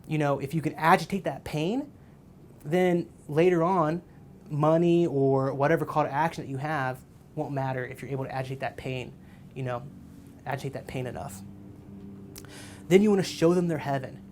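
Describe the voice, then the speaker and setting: A man's voice: medium pitch, darkish tone, slight background noise. Rambling man teaching ad copywriting. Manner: rambling, repeats "right?" and "you know". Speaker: marketing teacher. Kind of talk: casual tutorial lecture.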